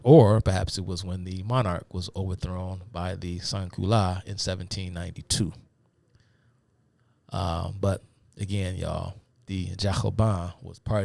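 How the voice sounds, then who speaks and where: Low gravelly guy rambling through a live stream lecture, lots of ums, dry sound. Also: a little mellow, no room sound. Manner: rambling, many fillers, addresses viewers as y'all. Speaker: host of a live talk stream.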